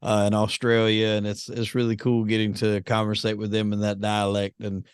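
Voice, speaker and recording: A man hosting an interview in a relaxed, conversational way. His voice is low and smooth, recorded dry and close. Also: normal speed, dry recording. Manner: easygoing, conversational. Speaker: interview host. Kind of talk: casual interview chat.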